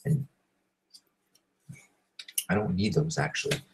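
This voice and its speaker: Brief: man in his thirties, low-pitched voice, casual foul-mouthed storyteller, home setup. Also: takes it slowly, background noise. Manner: profane, animated, swears constantly. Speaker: host. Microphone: home recording setup.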